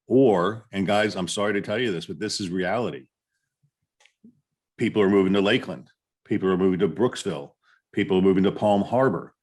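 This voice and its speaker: A man's voice: low voice, brisk. A man running a real estate office's weekly business meeting, talking bluntly and informally with joking asides. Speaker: real estate brokerage manager.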